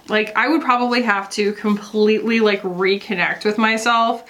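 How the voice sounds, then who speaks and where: A woman's voice: mid-range voice, fairly even intonation, moderate pace, few pauses, fairly bright tone. A woman beauty vlogger chatting casually while doing her makeup, gossipy, with lots of fillers.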